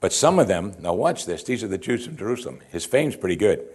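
A man's voice: fairly low pitch, very animated, fast, darkish tone, slightly rough. A man preaching a sermon, reading scripture and explaining it with rhetorical questions and repeated "you see". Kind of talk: sermon, verse-by-verse Bible teaching.

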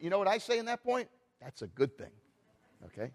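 A man preaching a sermon in church, animated and asking the congregation rhetorical questions. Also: sits high, fast talker, long reverb tail. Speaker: pastor.

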